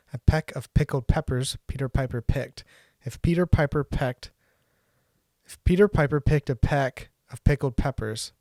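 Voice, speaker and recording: Reviewing microphones for his vlog, a man chats offhandedly into a close-up podcast mic and reads test phrases out loud. His voice is mid-range and a little mellow, with no echo.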